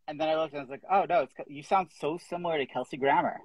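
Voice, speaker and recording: A man hosting a podcast, asking halting, friendly questions in casual chat. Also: on the high side, slightly rough, no echo, low-quality recording. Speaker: podcast host.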